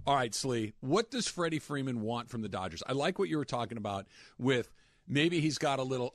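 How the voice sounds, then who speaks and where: A man's voice: medium pitch, sing-song, fairly quick, dry recording. Chatty male radio host, dry studio sound. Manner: chatty, repeats words while thinking. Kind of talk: casual radio banter. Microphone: studio mic.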